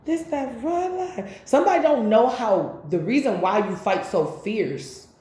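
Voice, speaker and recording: A woman giving a casual spiritual tarot reading, rambling and animated, with preachy asides. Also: fairly high pitch, unhurried, echoey room. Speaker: tarot reader.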